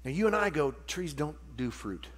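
A man preaching a sermon, animated and jokey, acting out little voices as he teaches. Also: on the high side, normal speed. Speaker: pastor. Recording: long hall reverb with mains hum.

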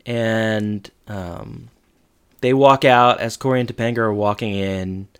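Clear-voiced man casually recapping. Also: fairly low pitch, takes it slowly. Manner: relaxed, jumps into quoted lines with comic emphasis. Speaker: podcast co-host recapping a TV episode. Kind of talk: casual chat.

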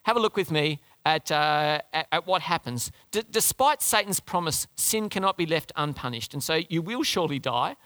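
A man preaching a sermon in a lively, conversational way, often asking the congregation questions. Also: a little high, normal speed, hardly any pauses, no echo. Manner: lively, conversational, asks the crowd questions, restarts.

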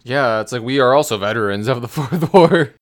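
A man's voice: medium pitch, expressive, brisk. A man co-hosting a podcast in casual chat, laughing, with loose, filler-heavy speech. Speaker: podcast co-host.

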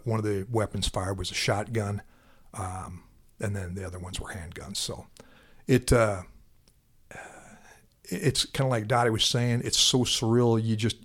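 Guy, lowish breathy voice, stops and restarts a lot telling a sad story. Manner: halting, repeats words, quiet and heavy then louder when animated. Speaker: interview guest, law enforcement officer. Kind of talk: emotional personal storytelling.

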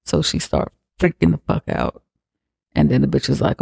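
Gravelly, profane film-recap podcaster. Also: mid-range voice, normal speed, darkish tone, no room sound, clean studio sound. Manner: rambling, profane, filler-heavy. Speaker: podcast host.

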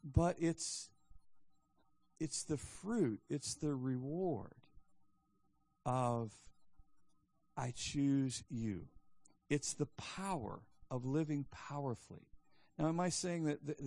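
A man's voice: medium pitch, normal speed, vocal fry, mellow, no echo. A male pastor giving a sermon in a conversational storytelling style, often restarting his sentences.

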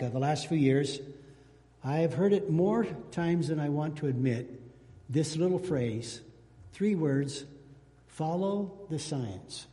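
A man's voice: on the high side, mellow, big-room sound. A man preaching a sermon as pastor, fervent, with rising emphasis and repeated phrases. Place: church sanctuary.

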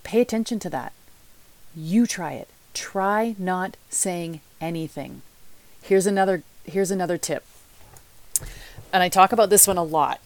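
A woman's voice: on the low side, unhurried, long pauses, no room sound. A woman life coach giving motivational podcast talk, chatty and candid, speaking straight to her listeners.

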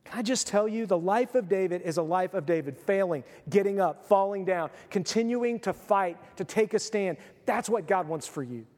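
Man, pastor, sermon, animated storytelling, high voice, long hall reverb. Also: moderate pace, hardly any pauses.

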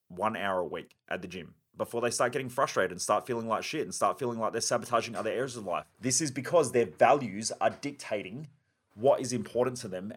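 A man's voice: lowish voice, a bit bright. A man hosting a self-help podcast, delivering a blunt, driven, emphatic monologue with casual swearing. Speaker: podcast host.

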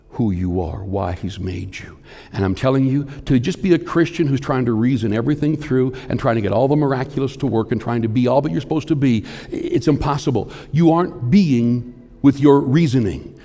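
A man preaching a sermon, swinging between forceful emphasis and hushed near-whispers in a building, repetitive cadence. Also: medium pitch, moderate pace. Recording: long hall reverb.

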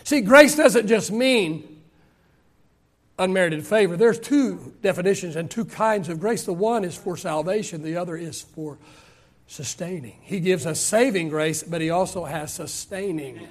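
A male pastor delivers a sermon in a strikingly high voice. He climbs to shouted, emphatic lines and then drops his phrase endings down low and soft. The preaching keeps pressing forward. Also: a little slow.

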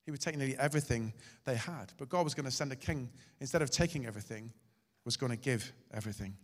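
A man's voice: mid-range voice, fast talker. Man preaching in a reverberant hall. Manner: dramatic, shifting loud and soft. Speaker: pastor. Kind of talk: sermon.

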